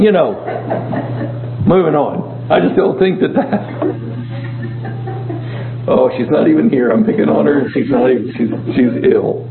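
A man leading an informal Bible study, talking conversationally and asking his group questions. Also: medium pitch. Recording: echoey room, tinny phone-like sound, faint hum.

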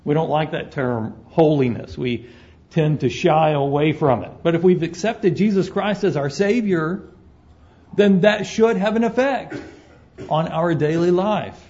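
A man's voice: fairly high pitch, unhurried, a little mellow. A man preaching a sermon as pastor, folksy and conversational, joking with his congregation, on a dull lo-fi recording.

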